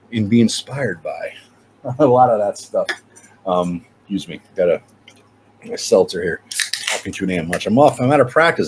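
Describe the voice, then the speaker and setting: A man's voice: mid-range voice, a little mellow, a little hiss or hum. A middle-aged man, a lawyer hosting his own channel, talking in a blunt, profane, rambling casual monologue full of restarts.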